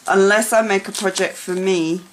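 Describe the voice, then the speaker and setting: A woman's voice: medium pitch, fairly even intonation, moderate pace, a little hiss or hum, rough recording. A woman vlogger unboxing gifts at home, gushing with overwhelmed exclamations and stammering restarts.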